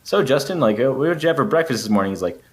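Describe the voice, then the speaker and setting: A man's voice: mid-range voice, lively intonation, very fast. A young man co-hosting a podcast, trading jokes and profane comic asides in casual banter. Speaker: podcast co-host.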